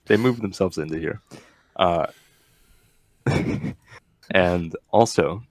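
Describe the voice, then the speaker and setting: A man's voice: low voice, darkish tone, dry recording. A man playing a tabletop game, speaking hesitantly as he declares his moves. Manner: hesitant, halting. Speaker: player. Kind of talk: casual game chat.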